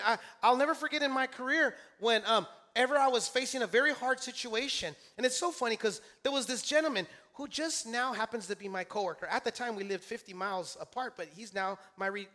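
Bright, high-voiced male preacher. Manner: emphatic preaching with call-and-response to the congregation; repeats key phrases for emphasis. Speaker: pastor. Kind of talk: sermon. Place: church sanctuary.

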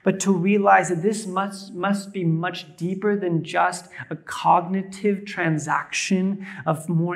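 A young man with a high-pitched voice preaches to his congregation. He talks loosely and conversationally, with plenty of fillers and asides. He mixes scripture with stories from family life. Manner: conversational, storytelling with many fillers. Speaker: pastor. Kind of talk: sermon. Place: church service.

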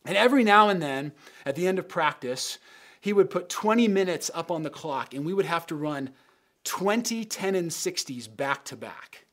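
Earnest preaching man, slightly high voice. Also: expressive, normal speed, a bit bright. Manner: earnest, emphatic preaching with repeated phrases. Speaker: pastor. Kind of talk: sermon closing in prayer.

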